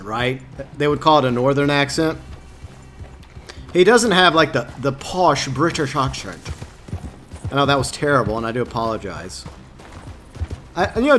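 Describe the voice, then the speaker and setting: A man's voice: mid-range voice, a bit bright, slight background noise. A man streaming a video game from home, chatting casually with viewers and often stumbling over his words in a self-mocking way. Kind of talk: casual chat with viewers while gaming. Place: home streaming setup, Louisiana.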